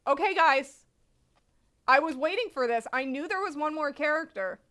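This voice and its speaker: A woman's voice: sits high, animated, moderate pace, bright, forceful tone. A woman streamer reading a manga aloud in casual live-stream chat, chatty, swearing casually and laughing often.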